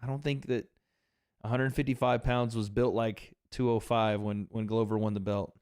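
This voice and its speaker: A man's voice: fairly low pitch, level tone, moderate pace, darkish tone, clean tone, no echo, studio quality. A man hosting a livestream watch party, giving casual, profane commentary on a fight and bantering with his chat. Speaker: livestream host.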